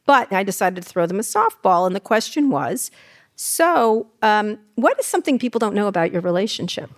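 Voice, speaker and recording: A woman's voice: mid-range voice, very animated, a little fast. A woman in her sixties being interviewed on stage about her memoir, telling irreverent, profane anecdotes and mimicking the people in them. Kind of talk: candid storytelling on stage. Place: live event stage.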